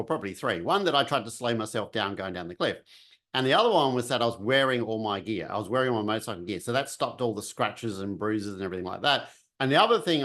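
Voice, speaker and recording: A man tells his own story in a relaxed, chatty way. His voice sits at an ordinary middle pitch. He acts out quotes and sounds as he goes. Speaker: vlogger telling a personal story. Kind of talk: casual storytelling.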